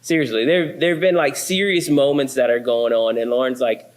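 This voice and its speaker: A man's voice: mid-range voice, a little fast. A man in his thirties, a pastor, telling funny family stories in a sermon. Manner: animated, self-deprecating, comic. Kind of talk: humorous sermon storytelling.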